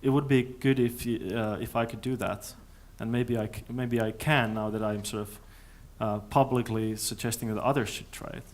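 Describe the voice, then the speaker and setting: Halting male conference speaker. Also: mid-range voice, steady tone. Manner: thoughtful, halting, with many restarts. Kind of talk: answering audience questions. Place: conference hall.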